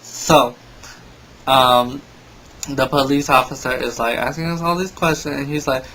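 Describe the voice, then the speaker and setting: A man's voice: medium pitch, steady tone, unhurried, long pauses, pushed and bright, slight background noise, rough recording. A young man telling a story in a casual vlog, rambling and exasperated. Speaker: vlogger.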